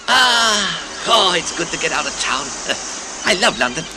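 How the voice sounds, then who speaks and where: Basil Brush, a cheeky chuckling fox. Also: male voice, high-pitched, very animated, unhurried, noisy background, heavily acted. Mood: cheeky chatter. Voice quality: chuckling, music-hall sing-song. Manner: cheeky quips with bursts of laughter. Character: cheeky male fox puppet, jokey and boastful. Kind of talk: comic song and patter record. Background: brass band music.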